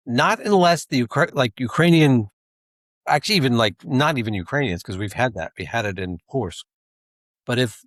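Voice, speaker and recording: A man's voice: mid-range voice, dry recording. A man co-hosting a podcast, talking in a rambling, casual way with asides and restarts. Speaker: podcast co-host, intelligence analyst.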